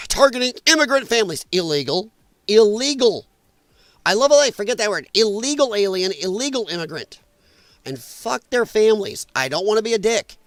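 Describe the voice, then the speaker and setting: A man's voice: high voice, very animated, brisk, a bit bright, no echo. A middle-aged man hosting a political livestream, ranting angrily with heavy profanity in casual commentary. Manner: angry, profane, emphatic ranting.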